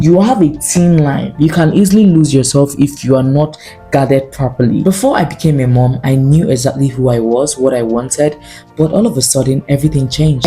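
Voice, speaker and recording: A young woman talking candidly to camera in a lifestyle vlog, earnest and confiding with lively asides. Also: low voice. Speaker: lifestyle vlogger.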